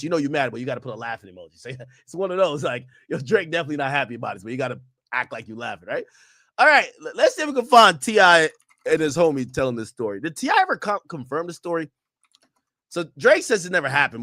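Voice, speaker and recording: A man's voice: mid-range voice, fairly bright tone, no echo, studio quality. A young man streaming casual reaction commentary in a slangy, joking way.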